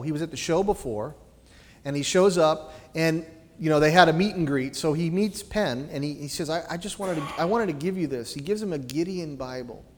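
High-voiced preacher in a reverberant church. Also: male voice. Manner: animated, swings between loud emphasis and quiet lows. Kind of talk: sermon.

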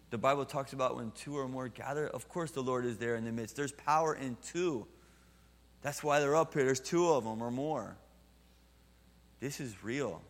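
A man preaching a sermon in a church and leading a closing prayer, earnest, slowing down to stress key lines. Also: medium pitch. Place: church sanctuary. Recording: long church reverb.

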